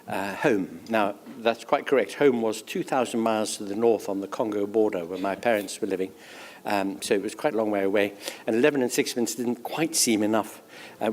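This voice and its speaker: A man's voice: on the low side, a little hiss or hum. An older man from Zambia, a philosopher giving a public talk and telling a wry, self-deprecating story. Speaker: guest speaker, philosopher.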